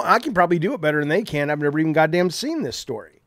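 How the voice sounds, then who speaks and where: A man hosting a livestream, swearing heavily and swinging from low mumbled asides to loud indignant rants. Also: animated, very fast, no room sound, studio quality. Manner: heavy swearing. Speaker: livestream host. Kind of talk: profane livestream rant.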